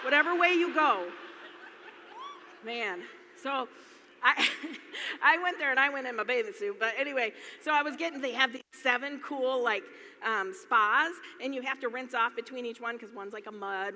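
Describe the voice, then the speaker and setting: Bright-voiced chatty woman in a hall. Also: on the high side, moderate pace. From Michigan, USA. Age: middle-aged. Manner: rambling, chatty, laughs often, keeps saying "anyway". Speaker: speaker at a business event. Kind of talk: casual storytelling talk to a live audience. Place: large hall before an audience. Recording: echoey hall, faint noise.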